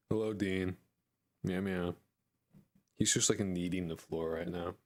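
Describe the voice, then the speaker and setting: A man's voice: sits low, a little slow. An American man chatting on a live stream, rambling and jokey, with crude language. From United States. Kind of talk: casual live-stream chat.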